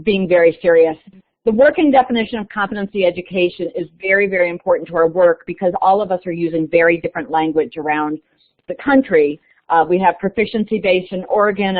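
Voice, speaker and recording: A woman presenting on a webinar as lead author, chatty and loose with fillers. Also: lowish voice. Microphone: conference call line. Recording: tinny phone-line audio.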